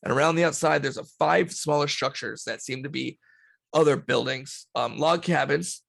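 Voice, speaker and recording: A man's voice: on the high side, normal speed, gravelly, fairly bright tone, no echo. A man narrating a tabletop game as game master, loose and casual.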